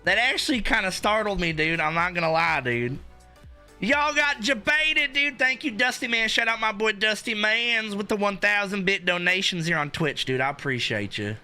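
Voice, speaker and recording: A young man chatting on a live stream in a high, bright voice that is sharp and edged. He talks in a hyped, rambling way, full of filler words, and his pitch jumps around a lot. Faint music plays under him. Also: expressive, moderate pace, smooth. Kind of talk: casual live-stream chat.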